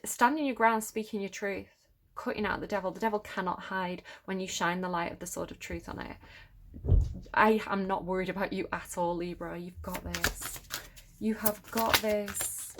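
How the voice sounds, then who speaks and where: A middle-aged woman talking through a tarot spread in a casual, encouraging way. She thinks aloud, pauses on fillers and restarts, and her voice sits at an ordinary pitch for a woman. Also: steady tone, noisy background. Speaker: tarot reader.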